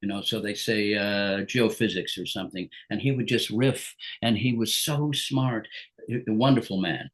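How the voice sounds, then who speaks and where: A man's voice: on the low side, normal speed, fairly bright tone. Older man reminiscing, laughing often. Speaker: guest actor. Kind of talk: casual chat.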